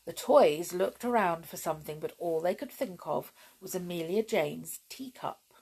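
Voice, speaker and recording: Middle-aged lady reading kids' stories, lively and chatty, cosy. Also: lowish voice, moderate pace, breathy edge. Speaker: storyteller. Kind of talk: children's story reading and chat.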